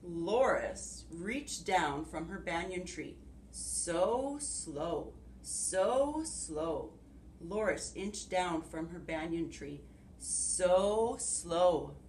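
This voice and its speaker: A woman preschool teacher leading circle time and reading a storybook aloud, giving gentle, encouraging instructions to young children. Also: on the low side, animated, drawn-out words, far from the mic. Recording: echoey room with faint background hiss.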